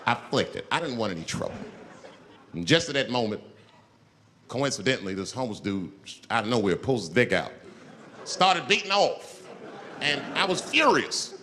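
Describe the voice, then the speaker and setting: A male stand-up comedian telling a profane, animated story to a live audience. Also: medium pitch, moderate pace, long pauses. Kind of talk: stand-up routine. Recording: live show, crowd and noise.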